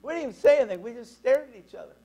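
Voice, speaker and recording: High-voiced pastor telling a story. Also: male voice, rapid-fire, lo-fi sound. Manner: animated, conversational storytelling. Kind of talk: storytelling sermon.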